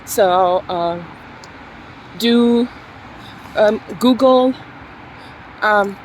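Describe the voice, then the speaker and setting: A woman English teacher giving a relaxed, chatty lesson, coaching her viewers with plenty of fillers, a French speaker. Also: mid-range voice, very slow, a little hiss or hum, low-quality recording. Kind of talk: casual language lesson.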